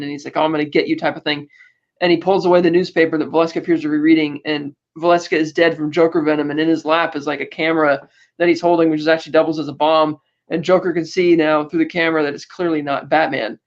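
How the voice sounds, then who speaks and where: Man, podcast host, casual film recap, rambling, fillers, slightly high voice, dull lo-fi sound. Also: fairly even intonation, fast. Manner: rambling, many fillers and restarts; acts out character quotes.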